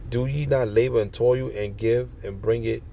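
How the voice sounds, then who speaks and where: A man's voice: mid-range voice, fairly even intonation, normal speed, vocal fry, mellow, slight background noise. A man reading scripture verse by verse and explaining it in slangy, profane street talk. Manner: reads verses then riffs in slangy, profane commentary. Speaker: street preacher.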